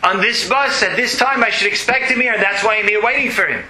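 A tearful young boy, insistent and pleading, his voice climbing high and bright as a male teacher puts him on. The sound carries a roomy echo. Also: brisk, slight background noise. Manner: pleading, insistent, rising to a cry. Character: crying young boy waiting for his father.

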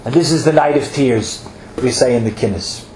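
Here a rabbi preaches with earnest conviction, stretching certain words and folding Hebrew terms into his speech. His mid-range voice has a darkish tone and a normal pace. Slight background noise and faint ambience fill the echoey room.

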